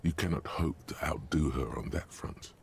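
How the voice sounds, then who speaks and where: A man voicing a grim, knowing narrator in a video game, speaking in measured, ominous commentary with a gravelly, raspy voice. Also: very deep voice, slight background noise.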